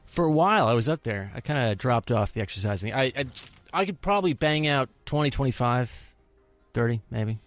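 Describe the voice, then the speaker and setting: Co-host, man, lively pitch, stammers and laughs at himself, faint music behind. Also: brisk, no echo. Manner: self-deprecating, hesitant, laughs a lot. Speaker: podcast co-host and news reader. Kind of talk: casual chat.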